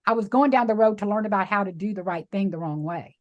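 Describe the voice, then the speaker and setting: A middle-aged woman with a Texan accent tells her story in an emphatic, animated way and acts out the voices of the people in it. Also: medium pitch, fast talker, highs cut off. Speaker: guest, sanctuary founder. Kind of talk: emotional storytelling interview.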